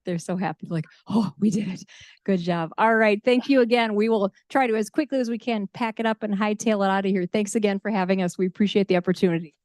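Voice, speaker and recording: A woman's voice: mid-range voice, quick pace, hardly any pauses, a little mellow, no room sound, clean studio sound. A woman leading a visiting student group, thanking a school board in an upbeat, chatty way. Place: school board meeting room.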